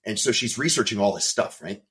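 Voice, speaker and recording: A man, a podcast guest, telling a personal story in an emphatic, animated way, with some swearing. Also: on the low side, a little fast. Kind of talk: storytelling in an interview.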